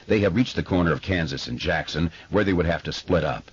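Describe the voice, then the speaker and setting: A man narrating an audiobook in a measured, expressive way, recorded in a studio. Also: deep voice, slightly rough, dull audio. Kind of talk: scripted narration.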